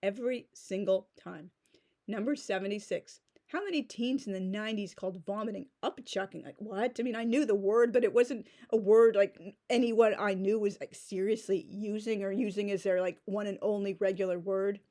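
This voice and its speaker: A woman's voice: mid-range voice, fairly even intonation, moderate pace, dark tone. A woman in her forties giving a sarcastic, exasperated rant as a book reviewer. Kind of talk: ranting book critique.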